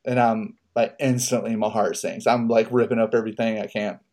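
A man's voice: on the low side, flat delivery, fairly quick, a little mellow. A man co-hosting a podcast, telling a story in a loose, profane, casual way and laughing at himself. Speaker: podcast co-host.

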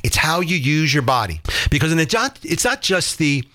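Upbeat guy coach talking it through, punchy bright voice, cracks jokes, leans hard on key words. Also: a little high, normal speed. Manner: lively, jokey, emphatic, acts out examples. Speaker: sales and communication coach. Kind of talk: energetic interview explanation.

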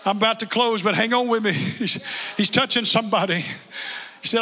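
A man preaching with fire, his very high voice sharp and piercing as he shouts and repeats his lines. The sound rings with the long reverb of a large church hall. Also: brisk. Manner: impassioned, shouting, repetitive calls for praise. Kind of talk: fervent sermon.

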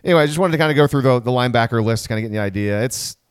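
A podcast host with a smooth, medium-pitched voice talks through the team on his casual sports show, rambling, self-correcting and adding quick asides. The recording is dry and studio quality.

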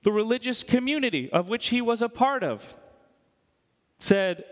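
A man's voice: high voice, very animated, unhurried. A man preaching a sermon as a pastor. He talks in a casual, joking way and often checks in with "right?". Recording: long hall reverb.

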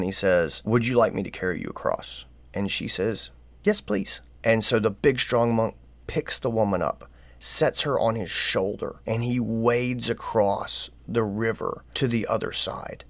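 A man's voice: lowish voice, no echo. A man co-hosting a podcast, giving earnest advice in casual talk, full of rhetorical questions and small stories. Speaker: podcast co-host.

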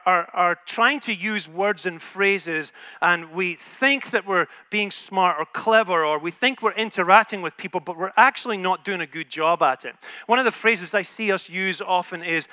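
A man's voice: high voice, bright, forceful tone, no echo. A Scottish man preaching a sermon to a room, humorous and conversational, often asking "right?". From Scotland. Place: in a room with an audience.

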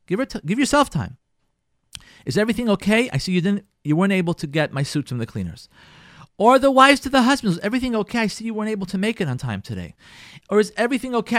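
A rabbi teaches a live class, his voice sitting high and swinging widely as he drives each point home. He repeats key phrases for stress and sprinkles Yiddish words into his talk. The sound is close and dry. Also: a bit bright, dry recording. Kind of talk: lively lecture to a live class.

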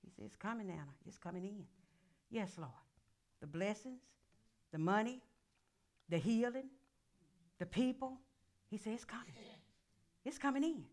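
A woman pastor, preaching a sermon that swings from murmured prayer to loud calls. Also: mid-range voice, animated, measured pace, pauses often.

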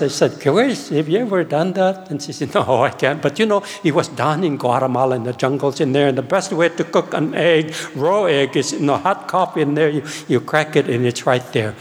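An older man preaches a testimony, his voice set a little high for a man. He tells the story with animation and acts out his past self. The sound rings with the long reverb of a large hall. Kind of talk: sermon testimony.

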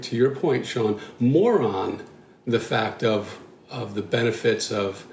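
A man's voice: medium pitch, darkish tone. Thoughtful man in a roomy space. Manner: halting, thoughtful, many restarts. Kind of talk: casual discussion. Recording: roomy with faint noise.

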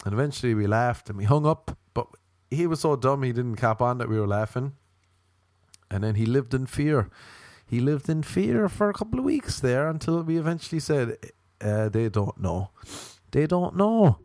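A man tells a comic story in a loose, casual way. He jumps into high, squeaky voices whenever he quotes someone else. The sound is close and dry, with no room echo. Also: lively intonation, moderate pace, darkish tone.

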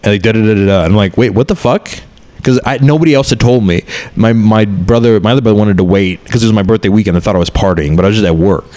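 A man's voice: fairly low pitch, quick pace, a little mellow. A man in his thirties, a comedian, talking candidly and rambling in a casual chat, swearing often.

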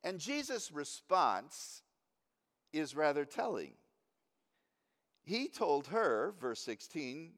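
A male preacher teaching in an easygoing, wry way, with chuckles at his own points. His delivery is slow and his pitch swings widely. The recording carries a long, hall-like reverb. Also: huge pitch swings, a bit bright. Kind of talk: teaching sermon.

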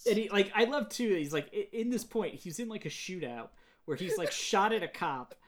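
A man hosting a podcast, casually retelling movie scenes in an animated way and quoting lines. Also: high-pitched, moderate pace, a loud crowd. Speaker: podcast host. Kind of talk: casual chat.

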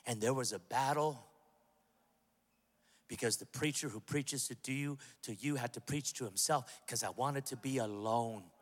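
A male pastor preaching a sermon to a large church, impassioned and humorous, building up to shouts. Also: medium pitch, measured pace. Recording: long hall reverb.

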